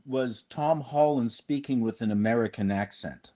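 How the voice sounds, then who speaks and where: A man's voice: mid-range voice, moderate pace, warm tone. A man on a podcast panel, chatting casually in a rambling, hesitant way. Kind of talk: casual chat.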